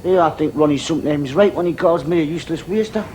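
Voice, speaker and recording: An actor playing a chatty, excitable ten-year-old Geordie schoolboy who narrates his own story in a stage play. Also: on the high side, fast, heavy background noise, natural voice. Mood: wistful.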